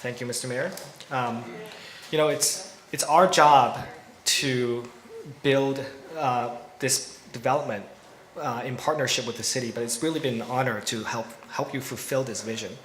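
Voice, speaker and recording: A man's voice: medium pitch, fairly even intonation, normal speed, a little hiss or hum. A man speaking at a ceremony for a housing developer, hesitant with many ums. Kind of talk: ceremony speech, emcee. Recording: echoey outdoor event with faint crowd.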